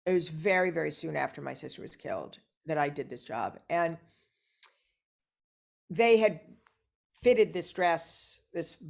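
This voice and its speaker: A middle-aged actress telling lively anecdotes as a guest, acting out the dialogue she quotes. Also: sits low, a little slow, vocal fry, pauses often. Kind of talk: casual interview storytelling.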